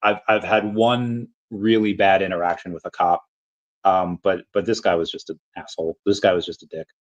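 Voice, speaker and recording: Rambling American man, lowish voice. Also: steady tone, moderate pace, lo-fi sound. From United States. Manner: rambling, many restarts and fillers. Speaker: livestream host answering chat. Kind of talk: casual livestream chat.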